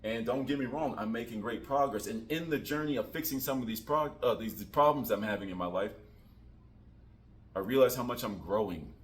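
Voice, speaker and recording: A man talking casually to camera about spiritual growth, goofy and joking. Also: mid-range voice. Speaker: vlogger. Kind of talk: casual motivational talk.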